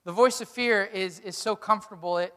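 A man's voice: high voice, a little fast, pushed and bright, long reverb tail. A male pastor preaching a sermon, emphatic, with repeated rhetorical questions.

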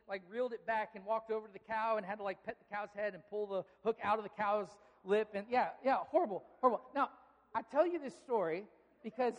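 A preacher's voice, pitched in the middle, rings out through a large church hall with a long reverb tail. The talk is a sermon told as a loose, rambling story, and they act out bits of dialogue. Half-started sentences get picked up again as they go.

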